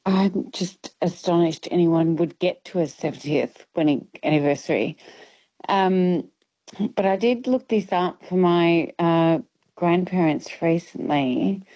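A woman's voice: lowish voice, unhurried. A woman calling in to a radio quiz, chatty and amused at her own family's customs. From Irish family. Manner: warm storyteller, laughs at herself. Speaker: caller. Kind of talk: casual phone-in chat. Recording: dull phone-in line.

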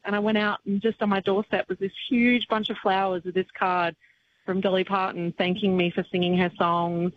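A woman with a lowish voice, recorded lo-fi with a little hiss or hum, speaks as an interview guest; she's a country singer. She's upset and grieving yet chatty, tearful, laughing often, with many restarts and fillers in this emotional casual chat.

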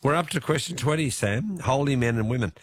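A man hosting a radio phone-in quiz, chatty and quick to laugh. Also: medium pitch, lively intonation, breathy edge, dry recording. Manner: chatty, laughs easily, stumbles a little.

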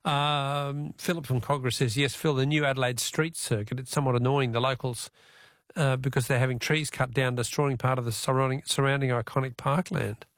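Aussie radio quiz host, gravelly voice, dry studio mic, easygoing and chatty, a bit high. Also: male voice, steady tone, dry recording. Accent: Australian. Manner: easygoing, chatty, reads questions slowly. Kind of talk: talkback radio quiz hosting. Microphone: studio microphone.

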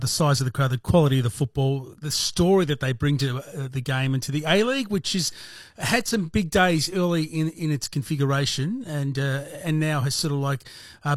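A man's voice: fairly high pitch, no echo. Male radio interviewer, dry studio. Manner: probing, builds long questions.

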